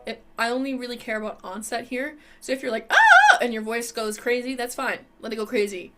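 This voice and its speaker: A woman's voice: a little high, steady tone, brisk, over loud music. A young woman teaching an online singing lesson, explaining technique and demonstrating exercises between explanations.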